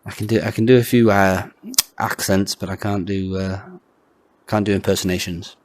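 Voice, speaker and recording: A man's voice: sits low, level tone, normal speed, darkish tone, no echo. Stammering man, dry home room. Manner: hesitant, stammering restarts, laughs often. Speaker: podcast co-host. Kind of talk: casual chat.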